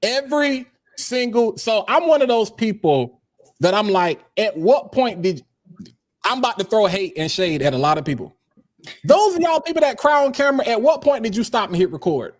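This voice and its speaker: A man's voice: sits high, lively intonation, normal speed, no echo, studio quality. A man on a casual business panel, talking bluntly and ranting in slang.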